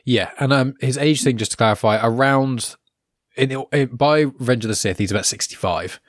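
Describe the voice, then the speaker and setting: A man's voice: medium pitch, normal speed, no room sound, clean studio sound. A man co-hosting a podcast in casual chat, explaining at length with many fillers. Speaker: podcast co-host.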